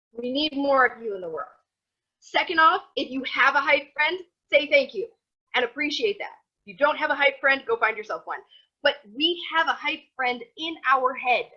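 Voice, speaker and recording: Teacher: woman, 30s, chatty and animated, bright voice, dull lo-fi recording. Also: high-pitched. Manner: animated, chatty, acts out quotes. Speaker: Torah teacher. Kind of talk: motivational class. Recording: dull lo-fi sound.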